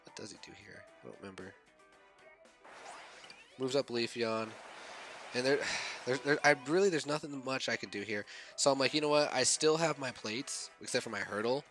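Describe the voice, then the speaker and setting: A young man giving casual commentary over his own game, excitably reliving his reactions and thinking aloud as he corrects himself. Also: medium pitch, normal speed, long pauses, soft background music. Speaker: gaming YouTuber.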